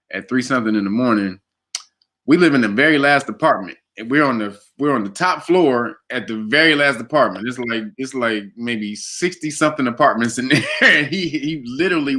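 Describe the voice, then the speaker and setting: A man in casual conversation, telling a long story with lots of laughter and animated quoted voices. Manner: animated, laughs often, jumps to high pitch for quoted voices. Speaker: guest.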